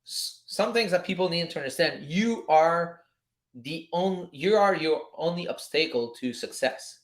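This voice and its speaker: Animated man giving a swearing pep talk. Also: a little high, normal speed. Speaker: forex trading streamer. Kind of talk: casual live-stream talk.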